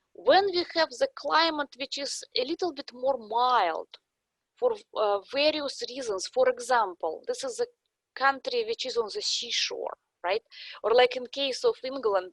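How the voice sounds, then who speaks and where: A woman's voice: high voice, gravelly, fairly bright tone, no room sound. A woman with a Russian accent, a guest expert in a podcast interview, explaining things step by step with examples.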